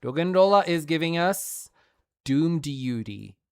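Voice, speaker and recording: A woman's voice: low-pitched, animated, measured pace, darkish tone. A woman streamer gushing playfully over fan art in a casual showcase, laughing often.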